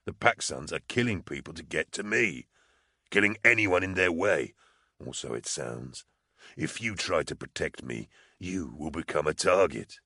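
A placid condemned prisoner, calm and detached, as a male narrator voices him in an audiobook. The voice sits very deep and low in the chest and is softer than the narration around it. It is recorded close and dry. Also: normal speed, dry recording, exaggerated voice. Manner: placid, reasoned, quietly detached.

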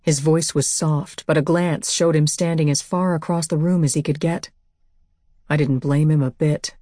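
A woman narrating a first-person audiobook in a steady, measured way on a close mic. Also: low-pitched, no room sound.

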